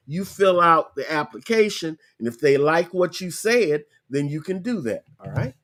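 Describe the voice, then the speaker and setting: A man with a slightly raised pitch hosts his podcast from a computer, talking viewers step by step through a screen-share tutorial. He is chatty and casual, repeats key points, and slows down to spell things out. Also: expressive. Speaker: podcast host.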